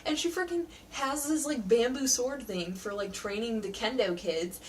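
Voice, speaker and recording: A woman with a fairly high voice talks through a TV episode in a loose, sarcastic, chatty way. She is recording at home, sitting a little back from the mic, with a faint hum of background noise. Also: normal speed, far from the mic, rough recording. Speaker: TV show reviewer. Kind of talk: casual spoken review.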